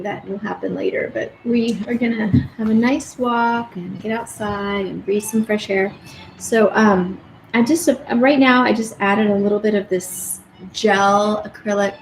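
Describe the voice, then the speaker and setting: A woman's voice: mid-range voice, steady tone, unhurried. Woman art teacher, chatty and rambling, live painting stream, roomy room with faint hum. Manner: chatty, rambling, with many restarts. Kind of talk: casual live-stream chat while painting. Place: home art studio.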